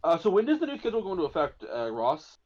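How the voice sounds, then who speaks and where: A man's voice: sits high, wildly swooping pitch, very fast, darkish tone, lo-fi sound, slight background noise. A man co-hosting a casual stream chat in a playful, joking way. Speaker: stream co-host.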